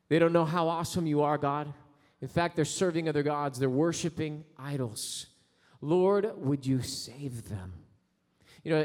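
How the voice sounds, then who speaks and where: Male pastor, high-pitched, preaching in a long-reverb sanctuary, swells into slow, loud prayer. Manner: builds to loud, slow, rising prayer passages. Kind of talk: sermon. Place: church sanctuary.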